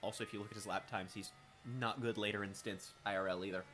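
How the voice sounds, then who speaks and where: A man streaming a racing management game, talking casually with a raspy, smoker-like voice, swearing and making wry remarks as he thinks aloud. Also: fairly low pitch, flat delivery, quick pace, pushed and bright, slight background noise. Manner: profane, wry, thinking aloud while playing. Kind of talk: casual live-stream commentary.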